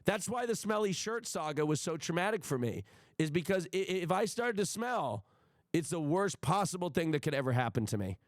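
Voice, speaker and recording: A man's voice: fairly high pitch, sing-song, a little fast, dry recording, clean studio sound. A man streaming live, ranting to his chat in a profane, emphatic way with frequent stammering restarts. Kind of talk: casual livestream rant to chat.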